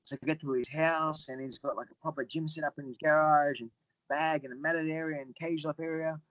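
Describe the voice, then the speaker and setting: A middle-aged man telling stories as a podcast guest, often repeating words and getting animated when he quotes other people. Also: fairly high pitch, fairly quick, no echo, muffled recording. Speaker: guest, Muay Thai fighter. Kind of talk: casual storytelling interview.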